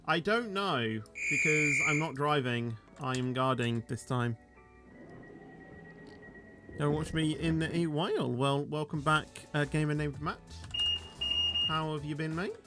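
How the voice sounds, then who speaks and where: Over background music, a man with a fairly high voice chats unhurriedly on a game livestream. He rambles, sprinkles "you know" throughout, and lets his sentences rise at the end.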